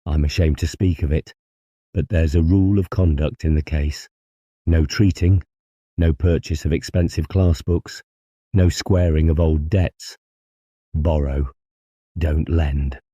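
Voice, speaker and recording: Guy doing a cool scheming doctor, super deep, dark voice, measured and coaxing. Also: steady tone, dry recording, dull audio. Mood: calm. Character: cold scheming male doctor, calm and persuasive.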